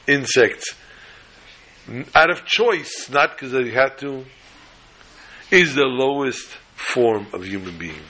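A man giving a lively sermon as a Torah teacher, telling a story with chuckles and quoting Hebrew sources. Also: mid-range voice, breathy edge, low-quality recording.

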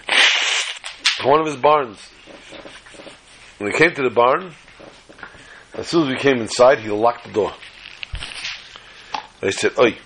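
A man telling a religious tale in a sermon, animated and dramatic, with a husky voice. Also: on the low side, a little hiss or hum, rough recording. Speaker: religious storyteller. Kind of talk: storytelling sermon.

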